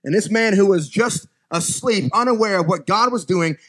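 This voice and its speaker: A man preaching a sermon as pastor, folksy and direct with his congregation, moving from quiet scripture reading to loud exhortation. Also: sits high, animated, normal speed. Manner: folksy, talks straight to the congregation. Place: church sanctuary.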